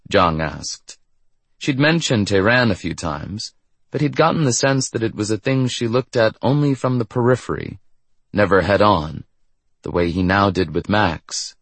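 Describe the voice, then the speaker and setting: A man narrating an audiobook in a measured, steady storytelling manner. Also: fairly low pitch, husky, dry recording. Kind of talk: scripted narration.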